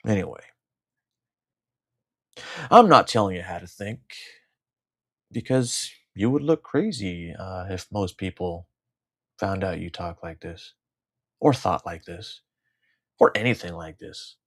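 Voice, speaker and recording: A man's voice: low voice, expressive, slow, pauses often. A middle-aged man from the United States in a rambling, sardonic monologue, swearing freely and repeating his own lines. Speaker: vlogger. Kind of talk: casual ranting monologue.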